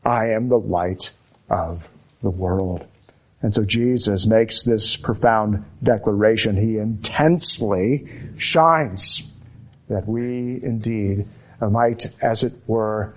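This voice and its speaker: A man preaching a sermon, slow and emphatic, building repeated phrases with dramatic pauses. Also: mid-range voice.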